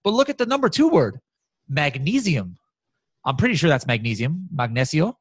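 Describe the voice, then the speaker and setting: Guy excitedly walking thru a screen share, kinda high voice, dry close sound. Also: normal speed, husky, dry recording. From United States. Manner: animated, excited, many fillers and restarts. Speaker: guest software expert. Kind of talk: casual screen-share walkthrough.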